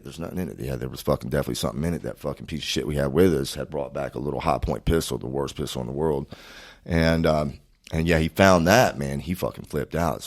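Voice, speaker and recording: A man, a podcast guest telling a rough story casually, swearing a lot. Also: a bass voice. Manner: swears a lot, animated retelling.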